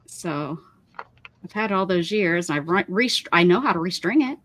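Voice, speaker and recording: Brief: woman host, rambling casual chat, emphatic rants, very lively pitch. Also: normal speed. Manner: rambling, emphatic, ranting about pet peeves. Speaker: craft livestream host.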